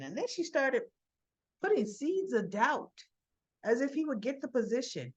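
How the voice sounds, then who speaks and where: A woman's voice: high-pitched, very animated, measured pace, breathy edge. A woman giving a chatty, rambling recap of a soap opera episode, slipping in quotes from the characters as she goes. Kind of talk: casual recap chat. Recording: dull lo-fi recording.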